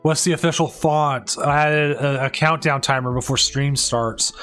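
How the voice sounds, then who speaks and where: A man with a slightly high voice casts a live tournament stream in loose, rambling talk. He restarts sentences often and leans on fillers. Faint music plays under him. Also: steady tone, normal speed, fairly bright tone. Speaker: tournament stream host and caster. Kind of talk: casual live-stream commentary.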